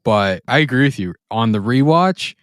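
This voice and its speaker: A man's voice: animated, moderate pace, fairly bright tone, clear, resonant tone, dry recording, clean studio sound. A man co-hosting a podcast, chatting casually and enthusiastically about a movie he rewatched, laughing often and acting out funny lines. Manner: enthusiastic, laughs often, acts out quoted lines in high voices. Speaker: podcast co-host. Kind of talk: casual film review chat.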